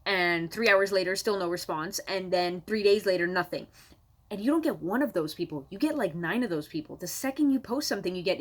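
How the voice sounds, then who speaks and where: A woman's voice: fairly low pitch, animated, brisk. Woman comic from Canada, home-recorded rant, sarcastic, exasperated, swears a lot. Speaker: comedian. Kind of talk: stand-up comedy rant to camera.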